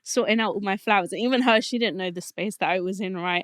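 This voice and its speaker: A young adult woman telling a personal faith testimony in a heartfelt, halting way, often restarting her sentences, and getting emotional. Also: medium pitch, no room sound, studio quality. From Colombian family roots. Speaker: podcast guest.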